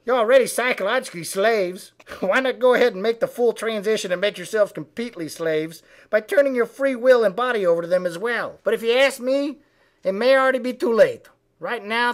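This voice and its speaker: A man voicing a foul-mouthed, indignant male frog who delivers a comic political rant with profane, shouted tirades. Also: high voice. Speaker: web comedy ranter.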